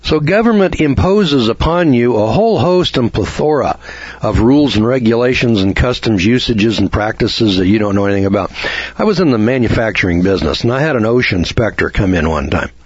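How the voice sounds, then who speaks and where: A man's voice: mid-range voice, lively intonation, a little fast, slightly rough, no room sound, lo-fi sound. A middle-aged man, hosting a radio lecture, who talks in a folksy way and asks lots of rhetorical questions.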